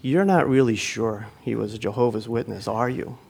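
A man's voice: mid-range voice, normal speed, vocal fry, darkish tone, breathy edge. A man voicing the Lord as a fatherly, probing presence who leads with pointed tag questions.

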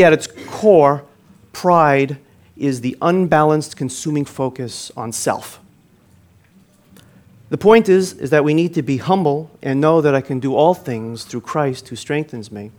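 Earnest preacher telling a personal story. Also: male voice, on the high side, unhurried. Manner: earnest storytelling, swells then drops to quiet endings.

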